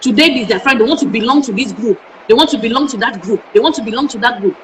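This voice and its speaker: A woman's voice: a little high, quick pace, fairly bright tone, slight background noise. A middle-aged Nigerian woman, a parenting educator, speaking passionately in an interview and firing off emphatic rhetorical questions. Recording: echoey room.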